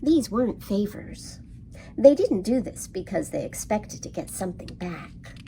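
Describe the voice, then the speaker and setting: A woman reading a picture book aloud to children in an expressive storybook cadence. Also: mid-range voice, a little slow, gravelly, a little hiss or hum.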